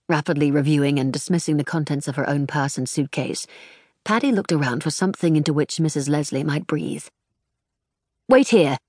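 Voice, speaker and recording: Low-voiced woman reading a story. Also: a little mellow, no room sound, studio quality. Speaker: audiobook narrator. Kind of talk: scripted narration.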